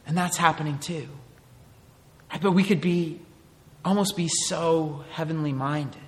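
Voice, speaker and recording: High-voiced pastor preaching in a reverberant hall. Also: male voice, fairly bright tone. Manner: earnest, conversational preaching with rhetorical questions. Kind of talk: sermon.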